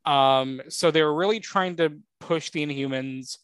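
Co-hosting a pop-culture podcast, a man chats in a loose, rambling way, filling his thoughts with frequent ums and uhs and showing excitable fan enthusiasm. His voice is a little high, smooth and a little slow, in a dry recording with no room sound.

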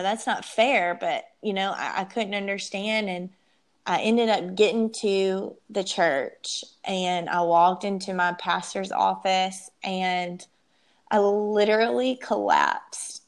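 A young woman with a mid-range voice shares her own story as a guest in an interview. She sounds emotional and halting, frequently starting her sentences over.

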